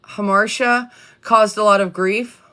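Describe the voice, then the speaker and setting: Bright-voiced woman livestreamer reading aloud. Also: medium pitch, steady tone, clear, resonant tone. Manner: chatty, halting, many ums and restarts. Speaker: livestream host reading documents.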